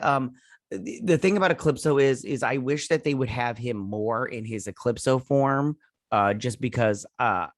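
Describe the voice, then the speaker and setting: A man's voice: medium pitch, fairly bright tone, no room sound, clean studio sound. A man casually recapping a TV episode as host, rambling with lots of fillers and often forgetting names. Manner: rambling, loose and filler-heavy, often losing track of names. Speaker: show reviewer and host.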